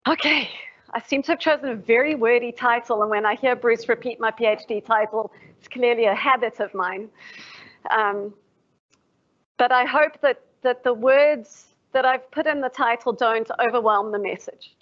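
This is a formal public lecture by a South African woman professor who speaks at normal speed with a slightly high voice. She reflects aloud and questions the room, over muffled, dull, lo-fi livestream sound.

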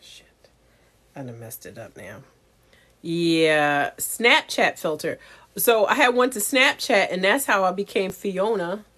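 A woman's voice: on the low side, animated, slow, fairly bright tone. A woman content creator chatting casually to camera, giggly and self-mocking. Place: home setup with ring light.

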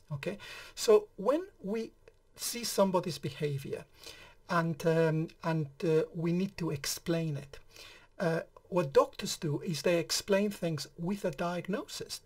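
A middle-aged man lecturing on psychiatry in a conversational way, explaining ideas through everyday examples and often restarting his sentences. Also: on the high side. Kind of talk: recorded lecture.

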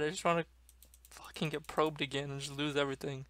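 A young man ranting about a gaming loss, swearing a lot, swinging between loud outbursts and low muttering. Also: little pitch movement, normal speed, long pauses, a little hiss or hum. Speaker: gaming vlogger. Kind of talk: venting rant to camera.

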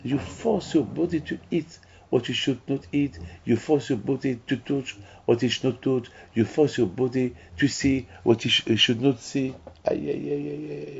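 A rabbi preaches emphatically. He circles back and repeats himself often. His voice is gravelly and husky, and it comes through a dull, lo-fi recording. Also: medium pitch, darkish tone. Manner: emphatic, repetitive preaching with restarts. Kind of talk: sermon.

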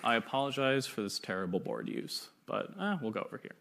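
A man's voice: mid-range voice, sing-song, fairly quick, creaky, noisy background. A young man giving an informal classroom lecture, chatty and fond of playful analogies, often checking in with "right?". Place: lecture room.

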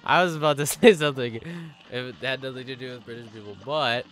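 A man streaming a game live, rambling excitedly to chat, swearing often and making fun of himself. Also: mid-range voice, fast talker, soft background music. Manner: sudden yelps at the game. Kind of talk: casual live-stream chatter.

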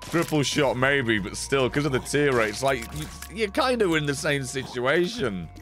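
A man giving casual live-stream commentary while he plays, excitable, swearing often and reacting loudly as he reads chat. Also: mid-range voice, moderate pace, faint music behind. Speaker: game streamer.

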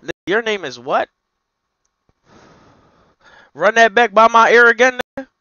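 A man livestreaming a game role-play, casual and brash, trash-talking and often breaking into loud yelling. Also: very high voice, animated, moderate pace, no room sound, dull audio.

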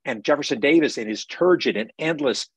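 A man's voice: medium pitch, expressive, brisk, slightly rough, no echo. An author with a faded Southern accent, talking in an emphatic book festival interview over a video call and often restarting his words.

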